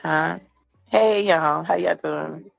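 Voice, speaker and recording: A woman's voice: low voice, vocal fry, no echo, faint music behind, poor audio. Upset woman venting into her phone. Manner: upset, talking fast with sharp questions. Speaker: vlogger. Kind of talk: filming herself in a casual rant. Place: airport.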